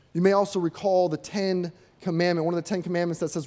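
A man's voice: high voice, steady tone, fast talker, few pauses, warm tone. A man preaching a sermon in a conversational way, asking rhetorical questions and acting out quotes.

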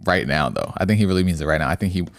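A young man with a low voice rattles through fight talk at a quick clip, excitable and full of swearing and bro. The sound is dry and close, with no room around it. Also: vocal fry, dry recording. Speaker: podcast co-host. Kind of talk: casual sports chat.

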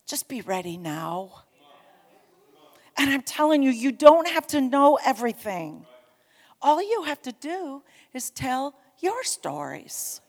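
A woman preaching a sermon, telling a story with animated emphasis and urging her congregation on. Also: sits high, slow, long reverb tail. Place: church sanctuary.

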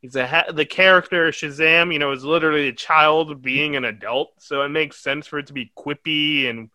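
A man co-hosting a casual film review podcast, animated and rambling, swearing often. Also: on the high side, moderate pace, dry recording. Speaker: podcast co-host.

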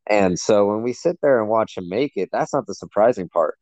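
Low-voiced man in casual sports chat. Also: animated, a little fast, a little mellow, no echo, lo-fi sound. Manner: enthusiastic, rambling with many fillers. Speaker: sports podcast co-host.

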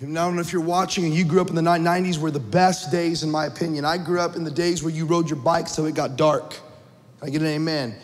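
Male pastor, thirties, high pitch, earnest storytelling sermon, heavy reverb. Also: fairly even intonation, quick pace. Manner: earnest storytelling, frequent repeated words.

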